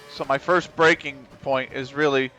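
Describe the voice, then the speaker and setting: A man's voice: mid-range voice, sharp tone, slight background noise. A man streaming a racing game live, chatting to himself in casual commentary, swearing and grumbling as he drives. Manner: muttering to himself, swearing, frustrated laughs.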